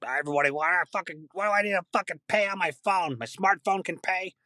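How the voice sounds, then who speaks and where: A man doing a grumpy old person who rants and swears in indignation. The voice is pushed high and sits dry and close to the mic. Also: quick pace, sharp tone, no room sound. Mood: cranky ranting. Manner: indignant, cursing. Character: cranky old person ranting about payments.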